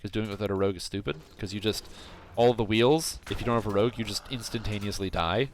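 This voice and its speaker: A man's voice: fairly low pitch, fast, slight background noise. A man streaming a game, chatting casually in a rambling way with plenty of fillers and self-corrections. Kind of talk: casual chat while playing.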